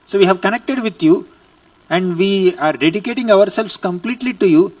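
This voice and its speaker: A man's voice: high voice, normal speed, a little mellow, recorded from a distance. A man voicing devoted young village women reproaching their god in a pleading tone, within a scripture lecture. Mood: reproachful.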